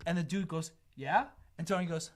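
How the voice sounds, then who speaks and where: A woman podcast host telling a story in casual chat, animated, laughing, and acting out her friends' lines. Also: fairly low pitch, brisk.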